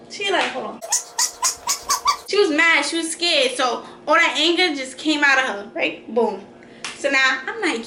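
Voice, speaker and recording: A young adult woman vlogger, telling a storytime with animated, slangy quotes. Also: sits high, moderate pace, echoey room, noisy background. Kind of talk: storytime vlog.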